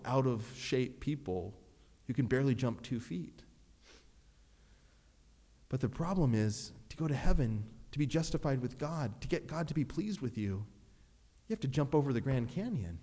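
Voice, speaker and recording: Mellow-voiced pastor in echoing hall. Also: male voice, medium pitch. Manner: earnest, expressive, acts out prayers in his own voice. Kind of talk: sermon.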